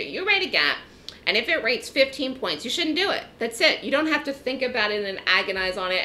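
Brief: bright, lively woman trading educator, direct and emphatic, faint hiss behind. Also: mid-range voice. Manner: emphatic, direct, frequent "okay?" check-ins. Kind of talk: trading lesson. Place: trading room webinar.

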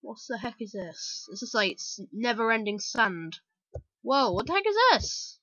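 A British woman chatting excitedly and rambling through gameplay commentary as the host of a let's play. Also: on the high side, measured pace, no room sound, highs cut off. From Britain.

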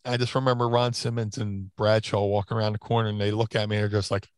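A man's voice: on the low side, flat delivery, fast, clean tone, no room sound. A man in a casual interview, telling stories in a rambling way with many restarts and fillers. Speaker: interview guest, former wrestler. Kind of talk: casual storytelling.

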